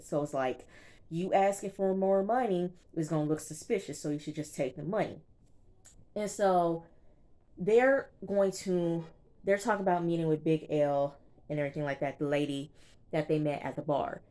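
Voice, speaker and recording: Young woman recapping a tv episode, low voice, chatty and slangy. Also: warm tone. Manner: chatty, slangy, retells scenes with quoted dialogue. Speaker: TV recap vlogger.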